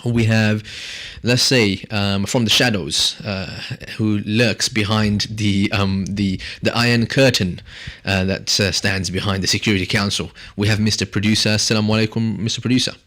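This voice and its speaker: A man's voice: fairly low pitch, steady tone, moderate pace, a bit bright. A man hosting a radio talk show from a studio, chatting in a jokey, rambling way and laughing often. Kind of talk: casual radio chat.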